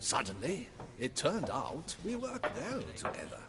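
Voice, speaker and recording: A man's voice: a little high, wildly swooping pitch, unhurried, long reverb tail, background noise, exaggerated voice. An actor playing a cheerful, chatty male innkeeper in a video game, with a hearty, theatrical delivery. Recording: game audio with crowd chatter behind.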